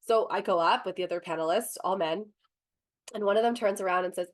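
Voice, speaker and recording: A woman's voice: mid-range voice, fast talker. Earnest woman telling a story. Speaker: panelist. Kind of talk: panel discussion.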